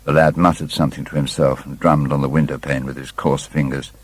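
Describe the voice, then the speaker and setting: A man reading an audiobook aloud, narrating in a measured, literary storytelling manner. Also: rumbling low, flat delivery, breathy edge, no echo, rough recording. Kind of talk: scripted narration.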